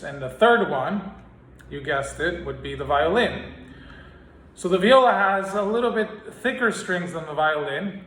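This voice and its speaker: A man's voice: fairly high pitch, fairly bright tone, slight background noise. A man teaching a singing lesson, explaining with analogies and singing scale exercises. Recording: roomy sound with piano behind. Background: piano.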